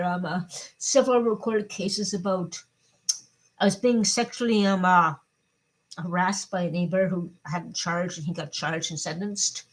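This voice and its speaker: A middle-aged woman giving a personal video update, upset and swearing, her voice swinging between loud anger and quiet, subdued talk. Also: mid-range voice, rough recording. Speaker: vlogger.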